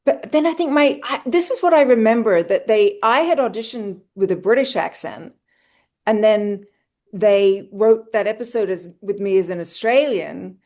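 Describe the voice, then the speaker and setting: Heard over a video call, a middle-aged woman chats casually about her acting days. Her voice sits at an ordinary middle pitch, and she tells her stories in a relaxed, easygoing way. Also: normal speed. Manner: chatty, easygoing storytelling. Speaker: guest actor. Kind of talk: casual podcast chat.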